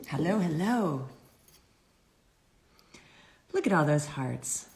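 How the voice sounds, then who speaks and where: A woman's voice: sits low, lively intonation, takes it slowly, creaky, pauses often, darkish tone, a little hiss or hum. A woman hosting a live-stream author interview, chatting casually and affectionately with viewers, often laughing.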